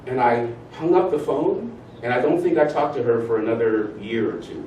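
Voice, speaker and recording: Animated man leading a motivational talk. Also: medium pitch, normal speed. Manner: animated, leads the audience in chants. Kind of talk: motivational talk with audience exercises. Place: event room with audience. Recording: roomy sound from far off, faint noise.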